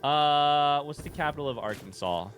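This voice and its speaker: Background noise accompanies this young man from the United States, whose fairly high voice has lively intonation and a moderate pace. He's streaming a game and chatting casually with viewers, rambling and joking and often stopping mid-sentence.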